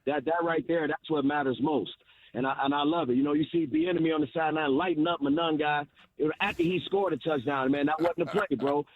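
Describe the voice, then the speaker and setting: A man's voice: on the high side, steady tone, quick pace, dry recording. A man calling in to sports radio, talking casually and saying "man" a lot. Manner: casual, repeats "man" and "bro". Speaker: caller. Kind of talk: phoning in to talk radio. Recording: phone line.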